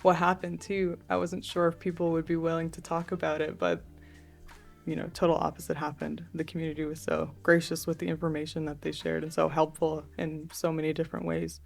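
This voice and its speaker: A young woman speaks as a podcast guest in a low, gravelly voice with flat, even intonation. She tells her stories casually and keeps slipping in "like". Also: fairly quick, soft background music. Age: young adult. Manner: chatty, relaxed storytelling with many "like"s. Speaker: artist and guest. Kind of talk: casual interview storytelling.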